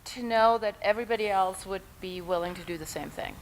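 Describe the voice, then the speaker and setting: A woman's voice: mid-range voice, a little fast, a crowd in the background, rough recording. A woman in the audience answering a speaker's questions hesitantly and thoughtfully in a large room. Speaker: audience volunteer.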